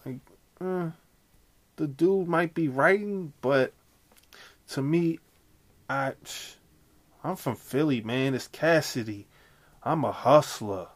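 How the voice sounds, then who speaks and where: A man doing an impression of a boastful male rapper, stretching his words out slowly. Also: a little high, voice pushed up. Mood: smug boasting.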